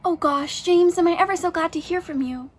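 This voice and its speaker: A woman's voice: extremely high pitch, a little fast. A woman playing a prim, self-righteous princess who lectures about her rights. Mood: indignant. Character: prim princess living with a beast, indignant.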